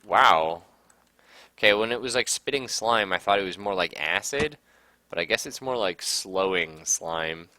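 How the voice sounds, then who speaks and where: A low-voiced gaming streamer talks casually through a let's-play, reading the game's text aloud at a measured pace. He's animated and sharp-toned, bursting out suddenly and swearing, with no room sound.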